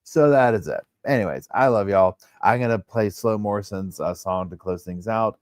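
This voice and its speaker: A man's voice: fairly low pitch, normal speed, darkish tone, no echo, clean studio sound. A man hosting a true crime livestream, chatting casually and rambling in a drowsy way.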